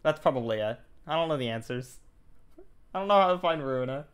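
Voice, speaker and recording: A young man streaming a game live, chatting casually, jokey and excitable, his voice jumping up when he gets indignant. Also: medium pitch, a little fast, clear, resonant tone. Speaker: VTuber streamer. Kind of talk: casual livestream chat.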